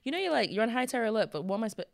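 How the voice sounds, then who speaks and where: A young woman from the UK co-hosting a podcast in casual chat, animated and blunt and swearing freely. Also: fairly high pitch, very fast, vocal fry, no echo, studio quality. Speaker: podcast co-host.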